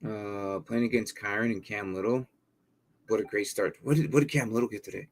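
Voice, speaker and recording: A man's voice: on the low side, moderate pace. A man hosting a casual live stream, reading viewer questions and thinking aloud with plenty of fillers and repeated words. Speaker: livestream host answering fantasy football questions.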